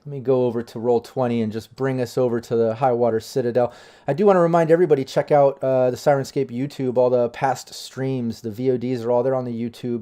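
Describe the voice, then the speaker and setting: Casual game master narrating. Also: male voice, medium pitch, warm tone. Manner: casual, filler-heavy narration.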